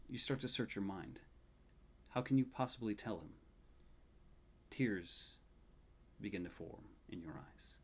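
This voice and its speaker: A male game master reads out a tabletop game scene in measured, soft narration. His voice sits at an ordinary mid-range pitch and sinks to a hush in the sorrowful parts. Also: animated, breathy edge. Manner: soft, measured, dropping quiet at sad moments.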